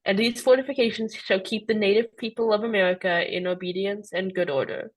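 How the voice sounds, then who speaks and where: Student girl reading an old passage out loud for class, steady, mid pitch. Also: fairly quick, rough recording. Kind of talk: reading a historical text aloud.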